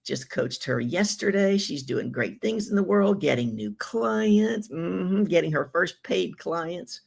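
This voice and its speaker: Woman, husky voice, gravelly edge, animated coaching host, effusive, live-stream chat. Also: on the low side, slow. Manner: animated, effusive, asks rhetorical questions. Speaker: business coach and show host. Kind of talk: live-stream talk, reading viewer comments aloud.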